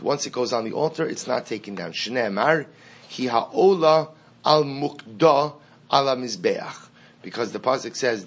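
A man's voice: medium pitch, breathy edge. A man teaching a Mishnah class, reading passages aloud, translating them and explaining step by step, often repeating the key phrase and asking questions he then answers himself. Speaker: Talmud teacher.

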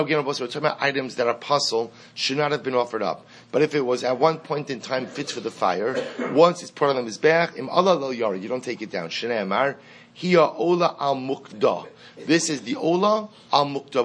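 A man's voice: medium pitch, a bit bright, slightly rough. Man teaching a Mishnah class. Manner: explains step by step, repeats key phrases, reads Hebrew and Aramaic aloud and translates; asks the class questions and answers them himself. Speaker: Talmud teacher.

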